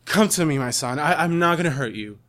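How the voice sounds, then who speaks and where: A woman's voice: deep voice, animated, brisk, fairly bright tone. A man voicing his devout mother as she coaxes her son to let her pray for him. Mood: coaxing. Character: devout mother, soft and pleading.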